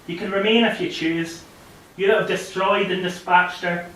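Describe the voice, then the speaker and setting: A man's voice: high voice, steady tone, moderate pace, sharp tone. A young man giving a declamatory poetry recitation, echoey and distant. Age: young adult. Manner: declamatory and impassioned. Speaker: guest speaker reciting poetry. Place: club function room. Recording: very echoey room recording, far from the mic, faint hiss.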